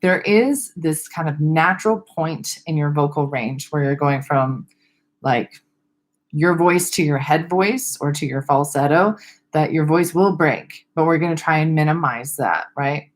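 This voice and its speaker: A young woman teaching vocal exercises in a casual online webinar, relaxed and self-deprecating, with a little vocal fry at the ends of her sentences. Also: low-pitched, measured pace. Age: young adult. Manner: friendly, loose, laughs at herself, demonstrates vocal exercises. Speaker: speech therapist.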